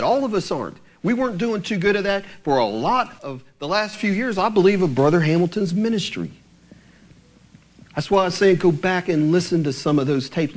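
A man preaching a sermon in a church, rising to emphatic commands as he teaches through a parable. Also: a little high.

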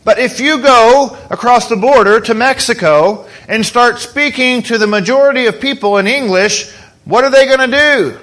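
A man's voice: extremely high pitch, normal speed, a bit bright. A man preaching a sermon as pastor, in a conversational way, asking the congregation questions.

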